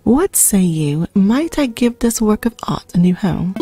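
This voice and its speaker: A woman's voice: medium pitch, sing-song, unhurried, warm tone, breathy edge. A woman voicing a polite, fussy male owl museum curator in a video game, reading his lines in a formal, old-fashioned way. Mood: delighted. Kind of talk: reading game dialogue aloud in character.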